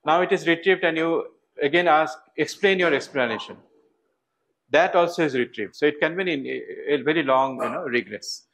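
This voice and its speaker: A man's voice: fairly high pitch, moderate pace, a bit bright, low-quality recording. A man giving a university lecture, thinking aloud with fillers and restarts. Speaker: professor.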